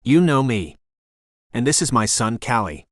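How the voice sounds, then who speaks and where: A brisk, chatty innkeeper woman in her sixties with a faint Jamaican accent, all rapid-fire energy, as a male narrator voices her. The sound is close and dry, at a middle pitch. She is the lively figure of an audiobook romance. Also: no room sound.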